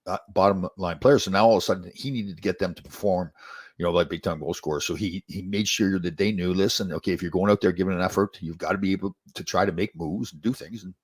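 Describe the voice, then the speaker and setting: An older man, once a hockey player and now a host, tells stories in a loose, rambling way, restarting his sentences and chuckling. His voice sits low and a little husky, and the words tumble out quickly. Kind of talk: casual storytelling chat.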